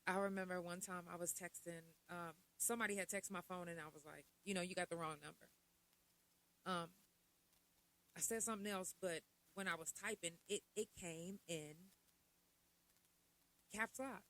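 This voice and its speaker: Addressing her podcast audience in a relaxed, conversational monologue, a middle-aged woman tosses out rhetorical questions and side comments. Her lowish voice is steady and slightly bright, at normal speed, on a low-quality recording.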